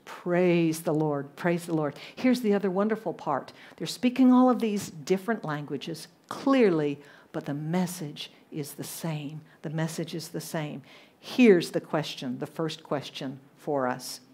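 A woman with a softened Southern American accent preaching a sermon to a congregation, animated and asking them questions. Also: low-pitched, measured pace. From Southern United States. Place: church congregation abroad.

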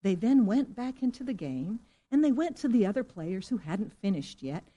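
A middle-aged woman pastor from Singapore preaches to her congregation, telling a story at a middling pitch. She keeps asking her listeners questions and now and then rises into loud exclamations. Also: very animated, normal speed. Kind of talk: sermon.

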